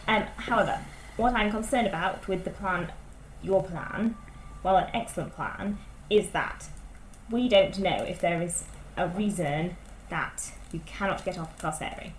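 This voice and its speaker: A woman's voice: lowish voice, measured pace, roomy sound, a little hiss or hum, low-quality recording. A British woman playing a tabletop game, cautiously laying out plans step by step. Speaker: player. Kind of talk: tabletop role-play chat.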